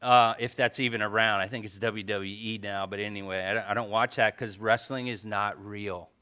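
A male pastor preaching a sermon, telling a story with animated swings between soft asides and loud exclamations. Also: on the low side, normal speed, clear, resonant tone.

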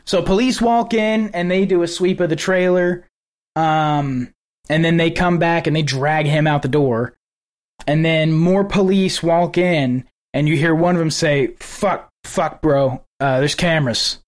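A man with a slightly high voice co-hosts a casual podcast. He retells events in an animated way and swears freely. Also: measured pace. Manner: profane, animated retelling of a news video. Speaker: podcast co-host. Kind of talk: casual political podcast chat.

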